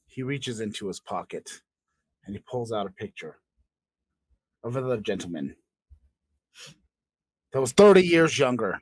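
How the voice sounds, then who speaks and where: A man's voice: mid-range voice, expressive, normal speed, pauses often, slightly rough, dry recording. A man co-hosting a comedy podcast, spinning absurd made-up stories in a playful, joking way. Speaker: podcast co-host.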